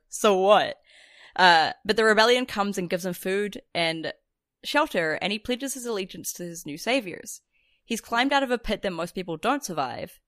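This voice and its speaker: A woman co-host walks listeners through a book chapter in easy, chatty recap mode. She laughs a lot, swears freely and breaks off into animated asides. Her voice sits in a middle pitch and sounds close and dry, with little room sound. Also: no echo. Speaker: podcast co-host summarizing a novel. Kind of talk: casual chat and chapter recap.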